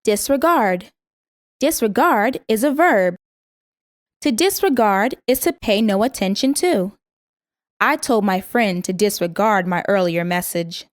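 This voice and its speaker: A woman with a mid-range voice reads vocabulary definitions in a calm, measured way. She says each word twice so learners can repeat it. The recording is dry and close, with no room sound. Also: medium pitch, no room sound. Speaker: vocabulary instructor. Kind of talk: scripted vocabulary lesson.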